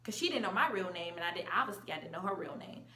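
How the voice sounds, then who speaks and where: A young adult woman telling a storytime vlog in a casual, slangy and animated way. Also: on the low side, fast talker, echoey room. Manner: animated, slangy, acts out quotes. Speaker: vlogger.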